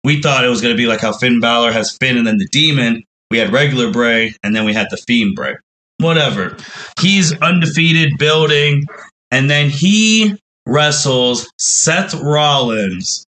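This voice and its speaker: A man's voice: medium pitch, a little slow, sharp tone, low-quality recording. A man hosting a podcast, telling a long, rambling recap with frequent exclamations. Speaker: podcast host.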